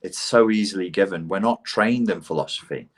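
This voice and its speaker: A man's voice: low voice, brisk. A middle-aged man with a posh English accent, telling blunt, profane stories as a podcast guest. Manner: blunt and profane, animated storytelling. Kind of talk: casual conversation.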